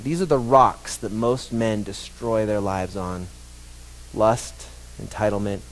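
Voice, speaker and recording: A man's voice: medium pitch, a little mellow. A pastor preaching a sermon to his congregation, emphatic and repetitive, leading the room in call-and-response. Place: church sanctuary. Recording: long hall reverb.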